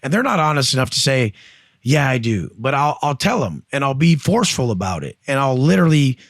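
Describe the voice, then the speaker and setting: A man's voice: medium pitch, very animated, fast talker, dry recording, clean studio sound. A man coaching and telling stories on a podcast, blunt and profane, acting out other people's voices as he goes. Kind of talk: casual podcast conversation.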